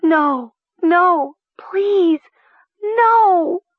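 A woman voicing a bossy teenage girl who turns shrill and stammering with panic. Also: very animated, a little slow, breathy edge, dry recording, phone-quality sound, exaggerated voice. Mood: panicked.

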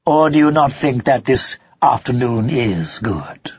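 A reader voicing a sly, smooth-talking male fox with a sharp, nasal voice, low and breathy, on a dull lo-fi recording. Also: expressive, unhurried, no room sound.

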